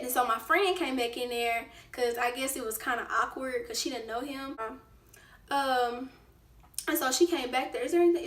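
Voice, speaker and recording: A woman vlogger telling a casual storytime, lively and acting out what people said. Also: sits high, recorded from a distance. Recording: roomy echo, away from the mic.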